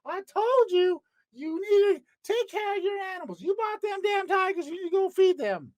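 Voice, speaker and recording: A man's voice: lively intonation, normal speed, dry recording. A man doing a nagging Southern wife. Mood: scolding. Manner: scolding, high and loud.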